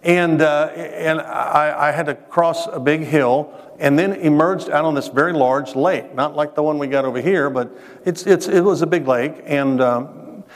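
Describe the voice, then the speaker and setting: A man preaching to his congregation in a church, mixing scripture with a personal story, asking the listeners questions and repeating words as he builds to his points. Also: a little high. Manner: conversational, addresses the congregation directly with questions; restarts phrases, dramatic pauses. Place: church sanctuary. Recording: reverberant hall sound.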